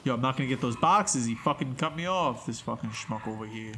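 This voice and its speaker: A man's voice: mid-range voice, expressive, a little fast, sharp tone, slight background noise. A young man playing a racing game, frustrated and swearing at it as he plays. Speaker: gamer playing on stream. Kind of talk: gaming commentary. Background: game music.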